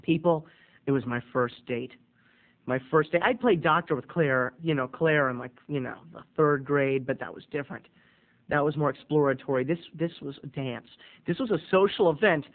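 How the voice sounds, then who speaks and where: A man telling a comic personal story to viewers in an animated way, addressing them directly. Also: fairly high pitch, moderate pace. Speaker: video blogger. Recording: tinny phone-like audio.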